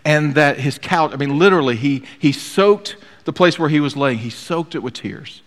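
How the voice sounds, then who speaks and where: A man's voice: fairly high pitch, expressive, normal speed. A man preaching a sermon earnestly, often repeating words for emphasis. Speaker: pastor. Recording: long hall reverb.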